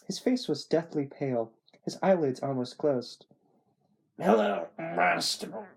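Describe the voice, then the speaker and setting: Hobby reader, airy and husky, casual read-aloud with rambling asides. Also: mid-range voice, normal speed, dark tone. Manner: self-deprecating, chatty asides.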